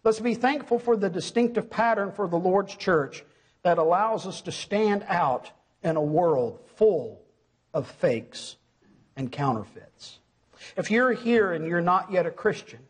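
Expressive and a little slow, a middle-aged man preaches in a high, husky voice. He hammers his points home by posing questions to the congregation and supplying the answers on his own.

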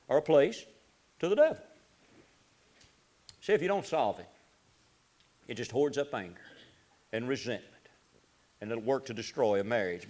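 A man preaching a folksy sermon, swinging between loud urging and low, quiet asides. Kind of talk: sermon on marriage.

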